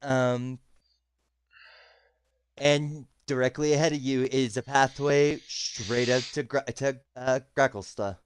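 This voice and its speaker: A man's voice: medium pitch, fairly even intonation, takes it slowly. A man narrating a tabletop game as game master over a voice chat, hesitant with many ums. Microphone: voice chat call.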